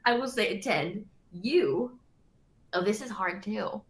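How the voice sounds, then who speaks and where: Giggly actress in casual interview chat, pitch bouncing all over. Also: female voice, lively intonation, slow. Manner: giggly, laughs often between remarks. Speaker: actress promoting a film.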